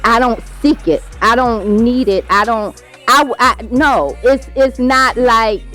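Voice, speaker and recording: A woman's voice: on the high side, slow, fairly bright tone, faint music behind. A married woman on a panel, chatting casually and emphatically, often talking over the others. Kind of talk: casual group chat.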